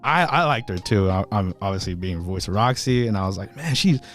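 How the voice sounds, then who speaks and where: A man's voice: on the low side, expressive, brisk, fairly bright tone, faint music behind. A man co-hosting an anime podcast who laughs often and stumbles over his words in casual chat. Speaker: podcast co-host.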